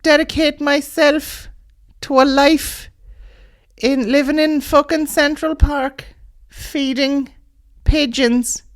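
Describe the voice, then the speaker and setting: A man doing a shrill, high-pitched Irish woman, heartbroken and living as a hermit among park pigeons. She draws every word out in slow, melodramatic wails and sounds half unhinged. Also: fairly even intonation. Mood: melodramatic despair. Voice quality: shrill, melodramatic, drawn-out wailing.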